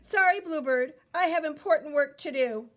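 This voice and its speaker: A woman's voice: high voice, moderate pace, fairly bright tone, voice pushed up. A woman voicing a small, friendly male earthworm while reading a picture book aloud. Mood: cheerful.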